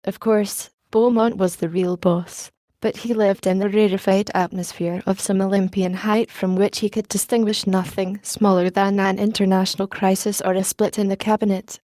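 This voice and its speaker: A woman narrating an audiobook in a warm, mellow voice. Her delivery is measured and even, recorded close and dry with no room sound. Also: medium pitch, no room sound.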